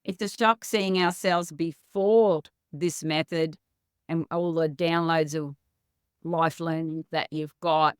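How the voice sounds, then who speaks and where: Woman host, reflective interview, encouraging, very slow, smooth resonant voice. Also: low voice, no echo. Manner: affirming, thoughtful, encouraging.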